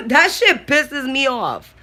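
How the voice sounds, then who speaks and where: A woman's voice: sits high, sing-song, very slow, bright, forceful tone, a little hiss or hum. Congested blunt woman on a livestream. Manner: blunt, swears freely, slangy. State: congested from a cold. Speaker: YouTuber on a livestream. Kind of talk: casual livestream chat, reading comments.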